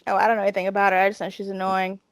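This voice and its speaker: A woman's voice: mid-range voice, flat delivery, racing, no room sound. A woman with a Southern US accent co-hosting a podcast, chatting casually with lots of restarts. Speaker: podcast co-host. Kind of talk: casual chat.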